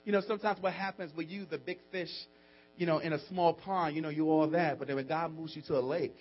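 A man preaching a sermon, swinging between low quiet asides and shouted outbursts, and acting out friends' voices in dialogue. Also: a little fast, faint music behind. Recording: dull muffled recording with mains hum.

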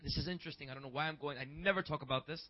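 A man in his twenties, a pastor, preaching in a rambling, conversational way that builds into shouts. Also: on the high side, racing. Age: 20s. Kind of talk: sermon. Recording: dull lo-fi recording.

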